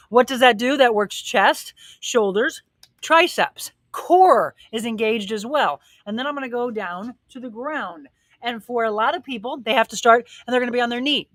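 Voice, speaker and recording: A woman's voice: a little high, no room sound. A woman fitness coach and host, slightly out of breath, energetically demonstrating a workout outdoors by a pool and encouraging viewers while reading their comments. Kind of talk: live workout demo and motivational talk. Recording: loud background noise with clicks.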